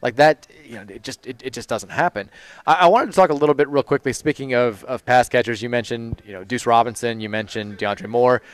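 Guy hosting live sports radio, talks quick, crisp clear voice, upbeat. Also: medium pitch, dry recording. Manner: brisk, upbeat, reads ads smoothly. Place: live broadcast at a car dealership.

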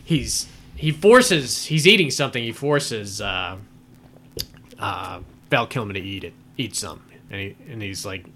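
A man's voice: on the low side, lively intonation, a little slow, sharp tone, slight background noise. A man in casual podcast chat, retelling film scenes in a rambling way with many fillers and laughs.

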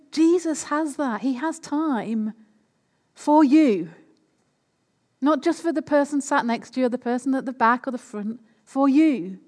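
A woman gives a sermon conversationally, often asking the listeners questions to check in with them. Her voice sits fairly high, and a long reverb like that of a church hall fills the audio.

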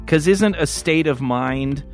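A man co-hosting a podcast, talking casually, profane and rambling, with excitable bursts. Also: fairly high pitch, slow pace, soft background music. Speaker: podcast co-host. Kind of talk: casual crude podcast banter.

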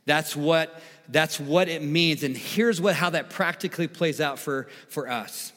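A man preaching a sermon as pastor, emphatic, repeating key phrases and swinging between quiet and loud. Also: on the high side, a little slow. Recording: long reverb of a large hall.

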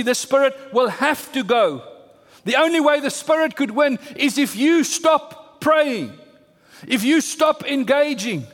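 A man's voice: very high-pitched, a bit bright. A man preaching a sermon as pastor, pressing his points with emphatic repetition and rising bursts. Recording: long hall reverb.

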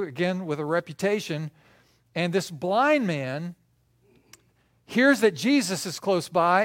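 An older man preaching a sermon as pastor, telling stories with swings between soft and loud. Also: fairly high pitch, dry recording, studio quality.

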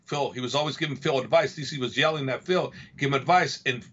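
A man's voice: on the high side, brisk, sharp tone, slightly rough, muffled recording. A man, a fight coach, telling gym stories in a casual chat. He repeats himself and acts out what other people said. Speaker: fight coach and podcast guest.

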